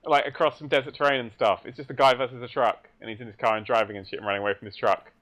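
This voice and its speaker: A man's voice: mid-range voice, fairly even intonation, very fast, fairly bright tone. A man, a podcast guest, chatting casually while gaming and joking, teasing and laughing a lot.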